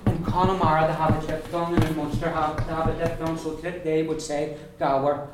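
A man leads a pronunciation lesson and says each word several times so the class can hear it. His voice sits a little high. The classroom is echoey and has a faint hiss. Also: monotone. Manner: drills words by repeating them slowly. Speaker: Irish language teacher.

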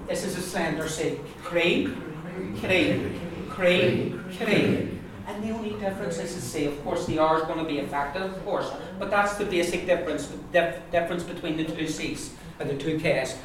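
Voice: mid-range voice, moderate pace. A language teacher giving a classroom pronunciation lesson to a group of learners, repeating words over and over and explaining patiently. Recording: very echoey room, far from mic, noisy.

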